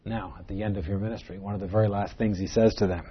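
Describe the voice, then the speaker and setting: A man's voice: fairly low pitch, fairly even intonation, fast, few pauses, husky, dull audio. A man teaching verse by verse through a Bible passage, earnest and emphatic, posing rhetorical questions to his listeners.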